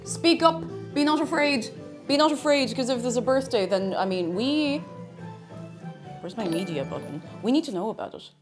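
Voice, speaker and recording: A woman's voice: on the high side, expressive, moderate pace, music in the background. A young Irish woman chatting casually on her livestream, bubbly and chatty as she greets viewers and reads their messages. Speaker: streamer.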